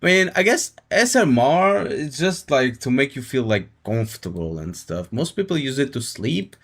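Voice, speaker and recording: A man's voice: medium pitch, sing-song, normal speed, a bit bright. A male livestreamer chatting casually with his audience, laid-back and jokey, reacting to chat with laughs. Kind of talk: casual live-stream chat.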